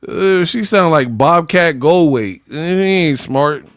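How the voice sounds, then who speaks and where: Mocking man with a dry voice. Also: no echo. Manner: animated, mocking impressions in a high voice. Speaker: boxing commentary host. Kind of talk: casual reaction commentary.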